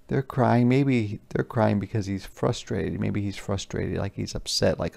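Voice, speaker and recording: A man's voice: medium pitch, unhurried, gravelly, hardly any pauses. A man teaching by reading a picture book aloud to young children, stopping to explain words and pictures in simple terms. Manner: puts gentle emphasis on the words he reads aloud.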